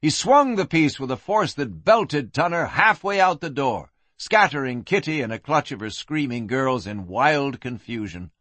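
Expressive man narrating a western. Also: medium pitch, moderate pace, few pauses, no room sound. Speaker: audiobook narrator.

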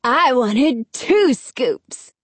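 Alan, a woman voicing a brash loud boy. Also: high-pitched, expressive, very slow, husky, no echo, heavily acted. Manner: loud, sneering.

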